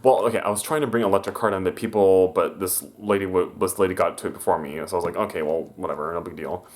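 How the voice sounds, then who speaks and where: A man's voice: sits low, fast, darkish tone. A man casually telling a story from his old job, rambling with many fillers and self-corrections. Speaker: vlogger. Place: room at home.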